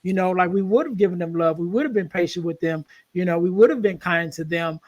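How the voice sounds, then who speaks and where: High-pitched guy rambling earnestly on a podcast, dry close sound. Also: quick pace, dry recording. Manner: earnest, rambling with many restarts and fillers. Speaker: podcast host. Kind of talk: casual conversational storytelling.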